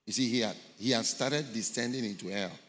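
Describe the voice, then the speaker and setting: A man's voice: fairly low pitch, brisk, a bit bright. A man preaching a sermon, telling a story dramatically and acting out the voices in it. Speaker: pastor. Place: large church hall. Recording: long hall reverb in a large church.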